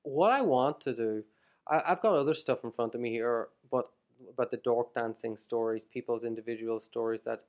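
An Irish man hosting a casual podcast, talking in an animated way and reading passages aloud with emphasis. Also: mid-range voice, normal speed. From Ireland. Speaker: podcast host.

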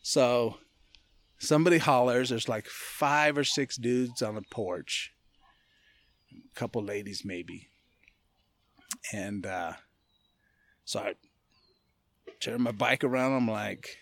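A man from California, a podcast guest, telling a personal story in a loose, animated way and often laughing as he talks. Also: mid-range voice. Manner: animated, acts out other people's lines in quick voices. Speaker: podcast guest, martial arts gym owner. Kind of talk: casual storytelling.

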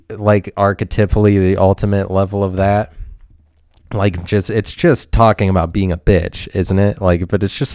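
Deep, dark-toned man, smooth voice, dry close sound; rambling profane rants. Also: dry recording. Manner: rambling, scattered, profane, swings to sudden loud outbursts. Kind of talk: rambling monologue.

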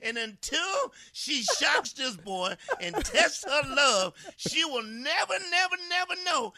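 A man's voice: very high-pitched, sing-song, slow, vocal fry, noisy background. A man co-hosting a radio show, giving comedic advice with laughing, rhetorical questions.

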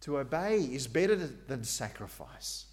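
A man's voice: medium pitch, very animated, normal speed, darkish tone. A middle-aged man preaching a sermon, dramatizing God's questions with sudden raised, emphatic lines.

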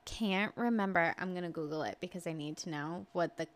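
A woman's voice: fairly low pitch, fairly quick. Woman podcast co-host, casual and candid, swears freely, acts out exasperated quotes. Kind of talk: casual chat.

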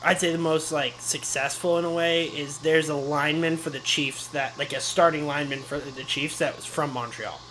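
Dry teasing young guy, bright voice, faint hiss in the back. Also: on the high side, fairly even intonation, normal speed, few pauses, rough recording. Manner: dry, teasing, matter-of-fact. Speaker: podcast co-host. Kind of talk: casual sports chat.

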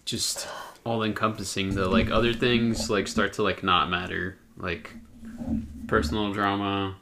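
A woman's voice: a bass voice, little pitch movement, unhurried, noisy background. A woman in casual podcast chat who sounds weary and worn down from work.

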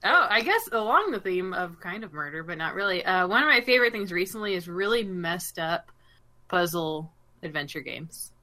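A woman chatting casually on a podcast in a low-key, hesitant manner. Her voice sits a little low but sounds bright. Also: animated, normal speed. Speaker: podcast co-host. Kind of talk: casual chat.

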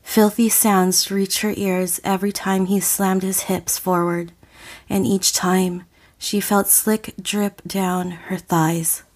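A woman reading an audio story as a narrator, slow and deliberate. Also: medium pitch, little pitch movement, darkish tone. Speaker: audiofic reader.

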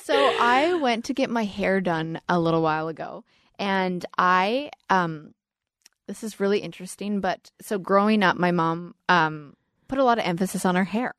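A woman's voice: on the low side, normal speed, fairly bright tone, no echo, studio quality. A woman from Canada hosting a podcast, chatting casually and telling stories that act out what others said. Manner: chatty storyteller, acts out quoted lines. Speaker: podcast host. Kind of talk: casual chat.

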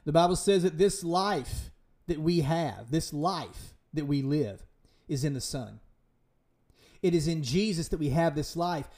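A man's voice: on the high side, a little slow, darkish tone. A man preaching with passion as a podcast host, emphatic and pleading, full of rhetorical questions. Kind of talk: impassioned preaching.

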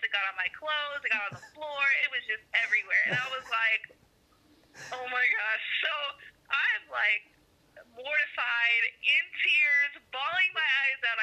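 A woman in her thirties, a mother telling a funny story about her children in casual chat, animated and laughing, acting out the voices she quotes. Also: high voice, poor audio. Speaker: guest, mother.

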